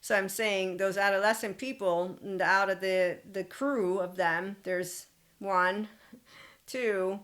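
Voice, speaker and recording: A woman's voice: medium pitch, steady tone, slow, fairly bright tone. A woman hosting a solo podcast, talking bluntly and rambling, swearing freely, laughing often and correcting herself mid-sentence. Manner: rambling, restarts and self-corrections. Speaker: podcast host.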